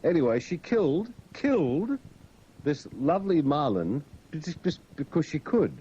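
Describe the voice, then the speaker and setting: A man's voice: a little high, sing-song, normal speed, mellow, husky. A man hosting talk radio, mocking and sardonic as he banters and rants. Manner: sardonic, mocking, with put-on silly voices. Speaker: radio host. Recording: dull lo-fi radio broadcast with faint hiss.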